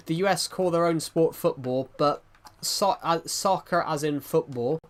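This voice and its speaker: Man, casual stream chat, keeps restarting sentences, a bit high-pitched. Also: unhurried. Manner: rambling, restarts sentences often. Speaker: livestreamer reading chat.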